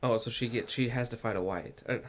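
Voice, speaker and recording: A man co-hosting a podcast who chats casually about a book, chiming in with quick asides and hedges. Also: mid-range voice, slight background noise. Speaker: podcast co-host.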